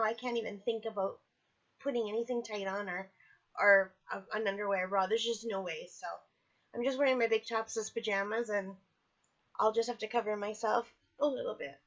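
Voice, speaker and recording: Woman vlogger, fairly high voice, chatty and candid, recovering and sore, dull lo-fi home audio. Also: a bit bright. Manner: chatty, candid, apologetic asides. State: recovering from surgery, in pain. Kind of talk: casual personal video diary. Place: at home, indoors.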